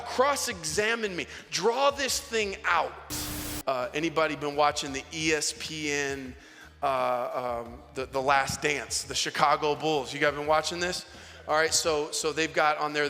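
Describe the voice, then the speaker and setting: A man preaching a youth sermon in a casual, slangy way, moving from quiet asides to emphatic points. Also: fairly high pitch. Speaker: youth pastor. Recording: long reverb of a large hall.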